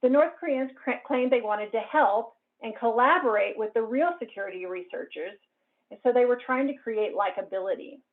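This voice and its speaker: A woman presenting a cybersecurity talk in a clear, explanatory way. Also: on the high side, normal speed. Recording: narrow phone-like band.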